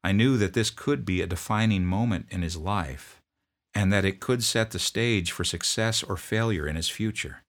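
A man who served as a drill sergeant, telling a story from his service in a gruff, blunt way. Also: low voice, normal speed, fairly bright tone. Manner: gruff, barking commands when quoting himself. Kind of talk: storytelling narration.

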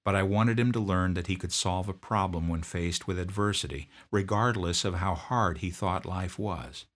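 A man who served as a drill sergeant, telling a story from his service in a gruff, blunt way. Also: low-pitched, moderate pace, fairly bright tone. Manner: gruff, barking commands when quoting himself. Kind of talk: storytelling narration.

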